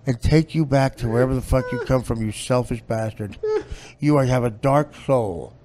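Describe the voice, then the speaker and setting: A man's voice: mid-range voice, normal speed, a little mellow. A man hosting a comedy podcast, roasting his guest with sarcastic, profane banter into a studio mic. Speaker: podcast host.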